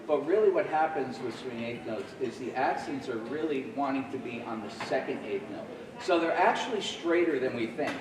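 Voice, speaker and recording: A man's voice: mid-range voice, moderate pace, hardly any pauses, a crowd in the background. Man coaching a school jazz band. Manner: friendly, scats rhythms aloud. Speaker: guest jazz clinician. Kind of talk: band rehearsal instruction. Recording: echoey room from far off.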